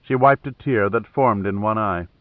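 A man narrating an audiobook in a steady, measured way. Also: fairly low pitch, dry recording. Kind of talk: scripted narration. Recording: thin phone-like dry audio.

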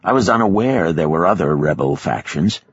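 A man's voice: low-pitched, animated, moderate pace, husky, no echo, muffled recording, heavily acted. A man voicing a defiant male hostage with a sardonic, questioning manner.

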